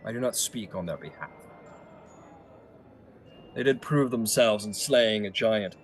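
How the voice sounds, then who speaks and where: A man voicing a formal, measured male giant captain. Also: on the low side, animated, faint music behind.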